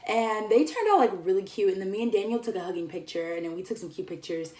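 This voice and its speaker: A woman's voice: mid-range voice, lively intonation, fast, warm tone. A young woman vlogger telling a casual story, chatty and giggly, with lots of "like" and "um". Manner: chatty, giggly, full of fillers like "like" and "um". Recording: echoey room, somewhat far from the mic.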